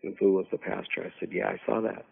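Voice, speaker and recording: Gravelly low man, phone-thin radio line. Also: little pitch movement. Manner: halting, repeats words while searching. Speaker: mission team leader, radio guest. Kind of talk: storytelling in a radio conversation. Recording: narrow phone-like radio audio.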